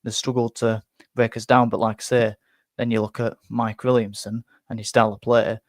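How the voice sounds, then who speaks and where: Blunt man, flat delivery. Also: mid-range voice, normal speed, no echo. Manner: blunt opinionated chat with many restarts. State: out of breath. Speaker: fan channel host. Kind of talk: live post-match fan reaction.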